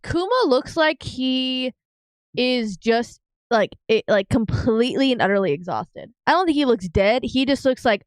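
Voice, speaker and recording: A woman's voice: a little high, animated, unhurried, smooth, dry recording, clean studio sound. A woman co-hosting a podcast, chatting playfully and casually about a manga chapter and acting out what the characters say. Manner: playful, laughs and acts out lines. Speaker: podcast co-host. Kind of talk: casual chat reviewing manga.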